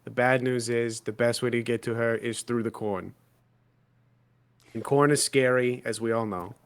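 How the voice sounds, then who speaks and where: A man's voice: mid-range voice, fairly even intonation, moderate pace. A man playing a tabletop role-playing game, chatting casually with dry, sarcastic banter.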